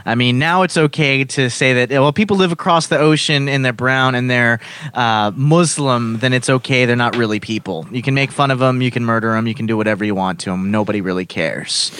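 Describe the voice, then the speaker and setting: A man from Utah co-hosting a casual political talk show, making his points in a measured, argumentative way. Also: medium pitch, fairly bright tone, smooth. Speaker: podcast co-host.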